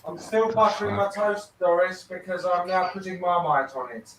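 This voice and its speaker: A man's voice: high-pitched, steady tone, moderate pace, heavy background noise. A man from the UK chatting casually over a video call, teasing and swearing freely. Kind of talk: casual chat.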